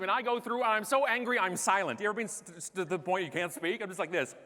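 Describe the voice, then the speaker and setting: A Canadian man giving a comedic keynote on stage, telling a story in an animated way and acting out the other people in it. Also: sits high, fast, few pauses, a little hiss or hum. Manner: animated, acts out characters, self-mocking. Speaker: keynote speaker. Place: large conference hall stage. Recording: long reverb of a large hall.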